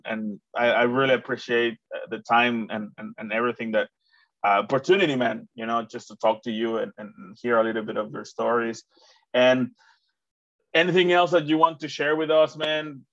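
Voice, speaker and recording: A man's voice: mid-range voice, steady tone, brisk, a bit bright, no room sound, muffled recording. A man from Mexico interviewing a guest in casual chat, rambling with many restarts. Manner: rambling, many restarts, acts out quoted voices.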